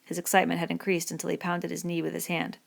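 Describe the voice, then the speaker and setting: A woman narrating a novel chapter in a plain, even storytelling manner for an audiobook. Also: lowish voice, fast, creaky. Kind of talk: scripted narration.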